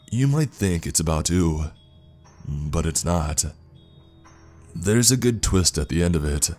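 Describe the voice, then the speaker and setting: A man voicing a calm, composed, big male soldier with a put-on funny accent, speaking in a measured, quietly menacing way. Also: low voice. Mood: patient.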